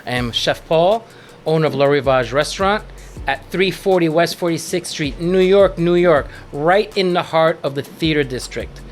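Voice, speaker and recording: A man's voice: a little high, moderate pace, soft background music. A man, a chef and restaurant owner, chatting playfully while reacting to a video and laughing often. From France. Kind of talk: casual reaction chat.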